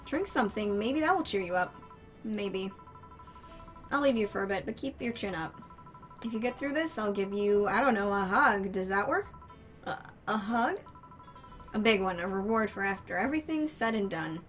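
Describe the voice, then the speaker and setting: A woman's voice: mid-range voice, expressive, moderate pace, fairly bright tone, faint music behind, lightly acted. A woman voicing a caring, teasing female bar boss as she reads visual novel dialogue aloud. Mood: reassuring.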